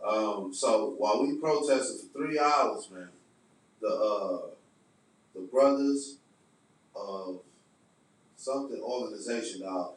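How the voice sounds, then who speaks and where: A man telling a story as a podcast guest, animated, emphatic and profane. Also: medium pitch, a little hiss or hum. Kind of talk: casual storytelling. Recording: echoey room, distant mic.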